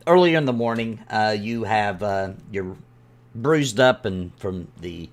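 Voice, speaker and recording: A man running a tabletop game as game master, halting and full of fillers. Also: fairly low pitch, lively intonation.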